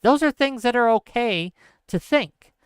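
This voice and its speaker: A man giving an impassioned political commentary monologue, earnest and lecturing, speaking straight to his audience in fast bursts with heavy repetition. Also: extremely high pitch, lively intonation, clean tone, no room sound. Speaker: political streamer.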